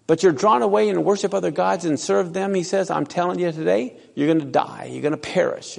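Asking questions of the audience and reading scripture, a preacher speaks in a voice that's on the high side, slightly mellow, with vocal fry. The hall adds a long reverb tail.

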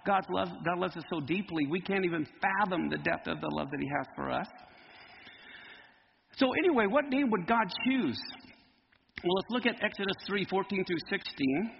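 A man preaching a Bible teaching sermon, lively and emphatic as he explains Hebrew words. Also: high-pitched, normal speed, gravelly, long reverb tail, dull audio, a little hiss or hum.

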